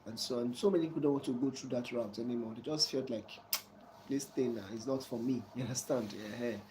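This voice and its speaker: Guy preaching life advice, mellow voice, keeps asking you understand, faint hum behind. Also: mid-range voice, fairly quick, poor audio. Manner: soft chuckles between points. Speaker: channel host giving life advice. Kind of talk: casual advice talk to a viewer.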